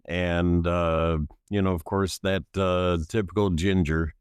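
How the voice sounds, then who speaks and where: A man's voice: sits low, flat delivery, slow, smooth, dry recording, clean studio sound. A man describing his character at a tabletop game, hesitant with many fillers. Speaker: player.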